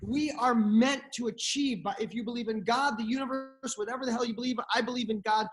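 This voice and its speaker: A man's voice: very high-pitched, steady tone, brisk. Intense, profane middle-aged man. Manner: intense, blunt, swears freely. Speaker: guest. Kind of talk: motivational podcast conversation.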